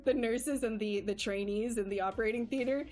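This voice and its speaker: A woman livestreaming, telling a personal story in casual chat, animated and laughing often, with many fillers. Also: on the high side, a little fast, soft background music. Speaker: livestream artist. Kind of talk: casual chat while streaming.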